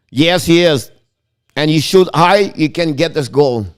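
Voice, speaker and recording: Excitable hockey streamer. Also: male voice, fairly high pitch, measured pace, clean tone. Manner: excitable, switches between English and French, talks to chat viewers. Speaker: hockey live-stream host. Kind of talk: live play-by-play commentary with chat.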